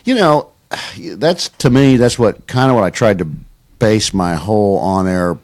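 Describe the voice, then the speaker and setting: A middle-aged man and radio host telling stories in a relaxed chat, laughing easily. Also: lowish voice, unhurried, no room sound, clean studio sound. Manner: laid-back, laughs easily. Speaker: radio morning show host, guest. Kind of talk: casual interview chat.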